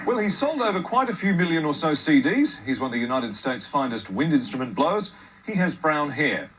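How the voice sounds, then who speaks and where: Mock-serious comedy host. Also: male voice, a little high, very animated, a little fast, a bit bright, rough recording. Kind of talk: sketch comedy presenting.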